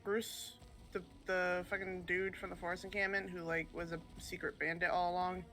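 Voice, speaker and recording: A man plays along with a friend and chats in a laid-back way, swearing now and then. His voice sits high for a man and sounds bright. Faint background noise runs under him. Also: little pitch movement, moderate pace. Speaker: co-player. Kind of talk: casual gaming chat.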